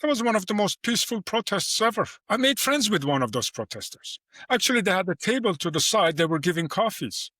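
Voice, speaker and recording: An incredulous male police officer, puzzled and indignant, his voice jumping high as he questions what he is being told, put on by a man telling a story. The tone stays bright and the sound is dry and close. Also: very animated, brisk, no room sound, exaggerated voice. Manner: incredulous, raises pitch sharply.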